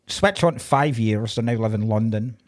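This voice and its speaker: A man's voice: on the low side, moderate pace. A man co-hosting a comedy podcast, casually retelling a film plot with plenty of swearing. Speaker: podcast co-host.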